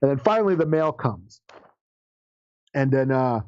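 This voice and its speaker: A man's voice: medium pitch, expressive, a little slow, a little mellow, dull audio. A man co-hosting a podcast, retelling a comic story in casual chat, swearing and laughing along the way. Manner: rambling, profane, laughs while retelling. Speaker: podcast co-host.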